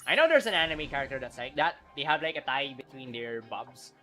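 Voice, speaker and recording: A man live-streaming a video game, chatting casually with viewers, excitable and quick to laugh. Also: medium pitch, faint music behind.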